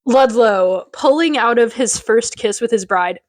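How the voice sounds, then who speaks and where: A woman co-hosting a podcast, recapping a TV episode in casual chat with animated, giggly asides. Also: on the high side, measured pace, no room sound. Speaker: podcast co-host.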